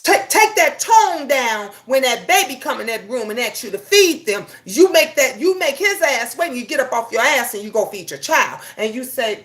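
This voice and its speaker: High-voiced blunt woman hosting a live stream. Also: very animated, normal speed, fairly bright tone. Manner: blunt, preachy, emphatic, with swearing. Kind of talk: casual live-stream talk reading chat.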